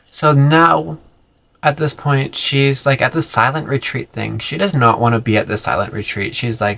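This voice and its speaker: A man with a gravelly, creaky voice recapping a book in a casual vlog. He is sarcastic and profane, with a middling pitch. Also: moderate pace, bright, forceful tone, dry recording. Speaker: book vlogger.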